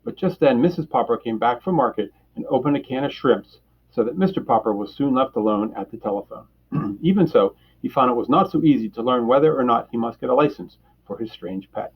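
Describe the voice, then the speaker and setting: A man reads a children's book aloud in a steady, plain voice with a husky edge, clearing his throat now and then. The recording is dull and lo-fi. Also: mid-range voice, brisk. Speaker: storyteller.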